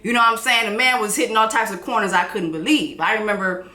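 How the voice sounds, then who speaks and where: A woman's voice: medium pitch, fast talker, pushed and bright, echoey room. A woman hosting a casual commentary chat, blunt and joking, using slang. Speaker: host.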